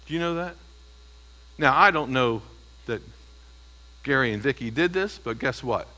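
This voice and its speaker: Man, pastor, bright voice, emphatic teaching sermon, asks questions. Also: mid-range voice, lively intonation, moderate pace, poor audio. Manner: emphatic, stresses single words. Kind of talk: expository sermon.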